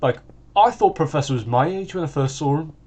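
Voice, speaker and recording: A man's voice: on the high side, animated, a little fast, a little mellow. A sixteen-year-old boy with a British accent, chatting in a rambling way while he plays, full of "like" and restarts. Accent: British English. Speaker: gaming channel host. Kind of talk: casual chat while gaming.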